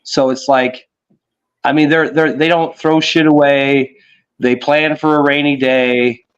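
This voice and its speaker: A man's voice: mid-range voice, fairly even intonation, unhurried, clear, resonant tone. A man chatting casually about world politics on a podcast, rambling and piling on fillers as he goes. He swears offhandedly and keeps circling back to his point. His audio comes through a bit dull and lo-fi. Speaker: podcast co-host.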